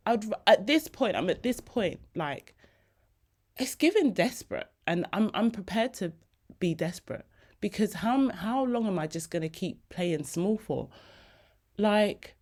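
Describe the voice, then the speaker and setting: A woman's voice: medium pitch, a little mellow. A woman hosting a podcast, telling personal stories in a candid, slangy, emotionally open way. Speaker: podcast host.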